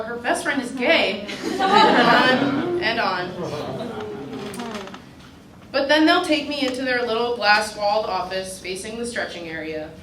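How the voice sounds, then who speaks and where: A woman's voice: fairly high pitch, a bit bright. Woman reading a wry personal essay, roomy and distant. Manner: dry, wry delivery that draws audience laughter. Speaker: fellow reading her own essay. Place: reading at a writers' retreat with a live audience. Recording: roomy, distant mic with background noise.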